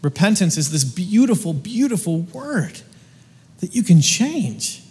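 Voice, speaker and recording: A man preaching in a loose, joking, slangy way, stumbling through restarts. His voice sits high for a man, and it rings with the long reverb of a big hall. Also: very animated, measured pace, dark tone. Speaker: pastor. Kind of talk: sermon.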